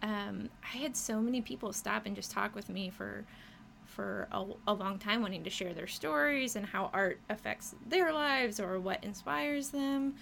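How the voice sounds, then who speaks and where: A woman talking with bubbly enthusiasm about her work, her voice carrying a creaky, gravelly edge. She fills her talk with "um" and "you know" and laughs easily. Faint noise sits under the recording. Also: medium pitch, a little slow, a bit bright. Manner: enthusiastic, laughs often, many fillers. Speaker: muralist guest. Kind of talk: casual interview chat.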